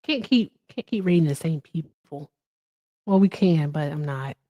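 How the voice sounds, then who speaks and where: A woman's voice: sits low, animated, measured pace, dark tone, no echo, dull audio. A woman hosting a casual livestream. She is chatty and upbeat, says "all right" often and swears casually. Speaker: livestream host.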